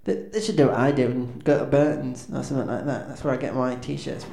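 Fronting a band as its comedic lead, a man delivers awkward, self-deprecating stand-up patter full of ums and restarts. He talks quickly in a medium-pitched voice with a dark tone and vocal fry, in an echoey room with faint ambience.

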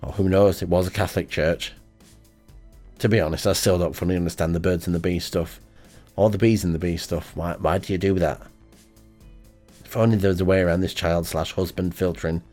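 Over soft background music, the fairly low-voiced host of an amateur radio show delivers a comic, meandering monologue at a fairly quick clip. He sounds deadpan and unsure, dropping ums throughout.

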